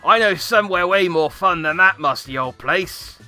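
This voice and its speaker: A man voicing a loud, boastful middle-aged dad with a hearty, theatrical manner. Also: moderate pace, faint music behind. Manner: booming, hearty, theatrical laugh.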